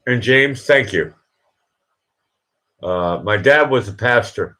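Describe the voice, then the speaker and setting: A man hosting a late-night live stream, emotional and teary, talking in halting, rambling bursts. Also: lowish voice, expressive, bright, forceful tone. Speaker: livestream host.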